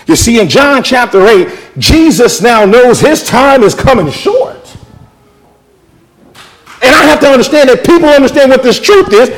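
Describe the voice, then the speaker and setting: A man preaching a sermon, jumping between shouted scripture and quiet, folksy asides as he tells stories. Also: very high-pitched, moderate pace. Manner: animated, swinging from shouted scripture to near-whispered asides; folksy, conversational storytelling.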